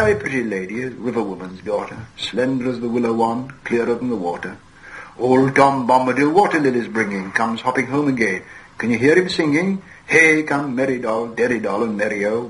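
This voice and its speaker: A man's voice: mid-range voice, fairly bright tone, slightly rough, pitched above the performer's own voice, low-quality recording. A man voicing a merry old rustic nature spirit in an archival dramatic reading, sing-song and rhyming in old country dialect.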